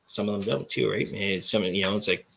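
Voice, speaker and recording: A man's voice: lowish voice, level tone, brisk, creaky, bright, forceful tone, a little hiss or hum. A man hosting a casual chat, showing off comic books and rambling with lots of fillers and restarts. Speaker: comic collector host.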